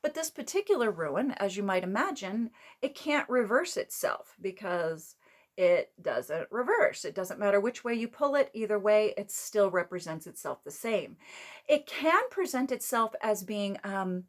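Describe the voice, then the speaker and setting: Female host, casual chatty lesson, mid-pitched, rambling with restarts. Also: sing-song, a little slow. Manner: chatty, rambling, with fillers and self-corrections. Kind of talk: casual teaching talk.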